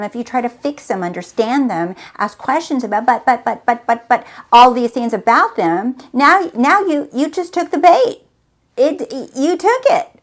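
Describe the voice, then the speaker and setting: Emphatic woman giving a spiritual pep talk. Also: high voice. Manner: emphatic, repetitive and coaxing, addressing the listener directly. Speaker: host.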